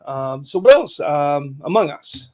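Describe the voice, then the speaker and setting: A man's voice: fairly high pitch, very animated, unhurried, darkish tone. A man in his thirties hosting a casual family chat as a father, easygoing and joking, chuckling often. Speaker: podcast host and father.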